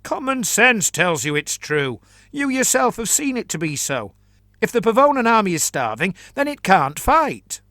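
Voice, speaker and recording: A man's voice: high voice, big pitch swings, normal speed, sharp tone, dry recording, voice pushed up, full character voice. A man voicing a pessimistic, thorough male mercenary chancellor who argues in an earnest, methodical way. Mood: insistent.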